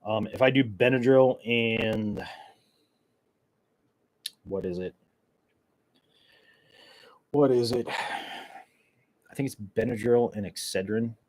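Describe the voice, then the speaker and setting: A man's voice: mid-range voice, slow, long pauses, low-quality recording. A man hosting his podcast in a casual solo chat, rambling and joking in a caffeine-wired way with plenty of fillers. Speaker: podcast host.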